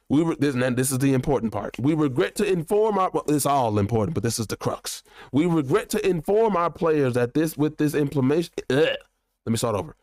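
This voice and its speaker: A man with a slightly high-pitched voice hosts his own commentary show. He rants in a heated, animated, profane way. The sound is dry and close, with no room in it. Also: moderate pace, no room sound. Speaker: show host. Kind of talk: ranting commentary.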